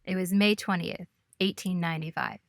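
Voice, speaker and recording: A woman's voice: on the low side, steady tone, moderate pace, gravelly, no room sound, clean studio sound. Giggly podcast host woman. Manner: giggly storyteller, playful asides. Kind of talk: casual history chat.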